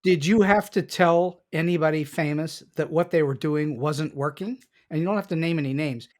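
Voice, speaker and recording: A man's voice: a little high, normal speed, darkish tone. A man hosting a podcast interview, asking curious, prompting questions in a casual conversational way. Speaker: podcast host.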